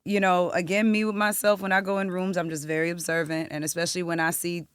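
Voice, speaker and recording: A young woman from South Florida, a singer-songwriter telling a story as a podcast guest, animated and profane. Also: fairly low pitch, fast, smooth, dry recording. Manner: animated, profane, acts out quotes. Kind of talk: casual storytelling interview.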